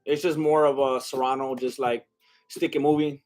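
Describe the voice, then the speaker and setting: A man's voice: mid-range voice, level tone, normal speed, a little mellow. A young man giving casual live fight commentary as a streamer, exclaiming at big shots and chatting with his viewers.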